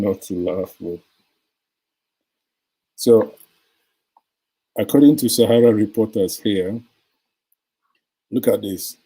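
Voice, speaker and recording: A man hosting an online news analysis show, talking through a story with many pauses and fillers. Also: fairly low pitch, dark tone, rough recording. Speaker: show host. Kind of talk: solo commentary on news.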